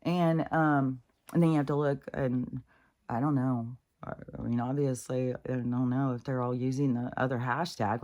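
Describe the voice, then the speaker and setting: Woman, deep for her sex, casual exasperated vlog rant with swearing and halting restarts. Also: steady tone, darkish tone. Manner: exasperated, swearing, mocking others in high put-on voices; halting restarts and repeated fillers. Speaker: spiritual vlogger.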